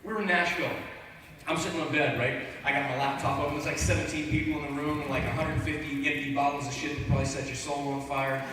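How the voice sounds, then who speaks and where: A man at a convention panel spins a rambling, profanity-laced story for fans. His voice sits slightly high and comes from far off the mic. Long reverb and steady noise fill the big hall. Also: fast talker. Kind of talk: animated anecdote at a fan panel. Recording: echoey hall, distant mic, noisy.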